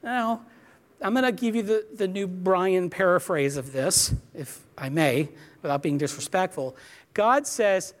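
A man's voice: sits high, unhurried. A man preaching a sermon earnestly and emphatically, acting out quoted lines as he speaks.

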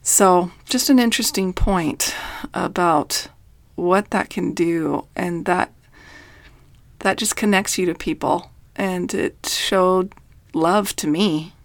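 A woman's voice: on the low side, gravelly, no echo. A middle-aged woman coach giving an earnest, emphatic faith-based reflective talk. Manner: earnest, emphatic, with quoted voices. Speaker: life coach.

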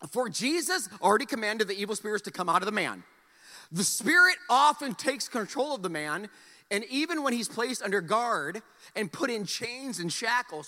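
A man's voice: high voice, bright, forceful tone, in a large hall. A man preaching a sermon to a congregation. He talks in a conversational, joking way and often repeats words as he restarts his sentences. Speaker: pastor.

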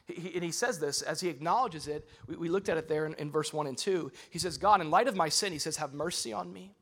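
A young adult man preaching a sermon as a pastor, talking casually and swinging between loud emphasis and soft, earnest passages. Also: a little high, fast, husky.

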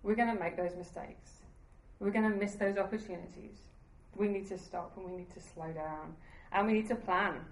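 A woman's voice: medium pitch, steady tone, moderate pace, hardly any pauses, reverberant, low-quality recording. A woman preaching a sermon in an earnest, conversational way, laughing at herself now and then.

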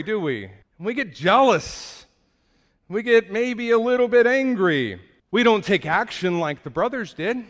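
A man preaches to his congregation in a relaxed, conversational way, pausing to throw rhetorical questions at them. His voice sits fairly high for a man. A long reverb trails after his words, as in a large hall. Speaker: pastor. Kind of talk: sermon.

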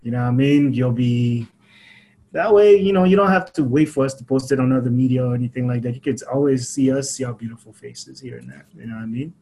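A man's voice: mid-range voice, fast, warm tone. A man co-hosting a podcast in casual chat, who laughs often and readily agrees. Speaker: podcast co-host.

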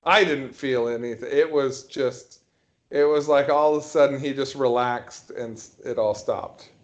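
Casual male storyteller, mid pitch, halting delivery, muffled recording. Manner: halting, hesitant storytelling with many restarts. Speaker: guest telling a story. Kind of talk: casual podcast chat.

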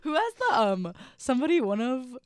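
A woman with a fairly high voice tells a story in a giggly, excitable way. She is a guest in a casual podcast chat, recorded dry and close. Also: normal speed, clear, resonant tone, dry recording. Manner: giggly, excitable storyteller who acts out quotes.

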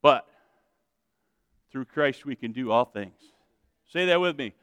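High-voiced energetic preacher man. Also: measured pace, long pauses, clear, resonant tone, no echo, clean studio sound, in a large hall. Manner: energetic preaching, swings from loud shouts to quiet asides. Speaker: pastor. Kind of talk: sermon. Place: church sanctuary with congregation.

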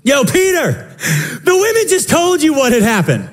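A young male pastor delivers a playful, theatrical sermon. His voice sits high and swings widely, acting out the scenes and breaking into laughter. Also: huge pitch swings, normal speed. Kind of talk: lively Easter sermon.

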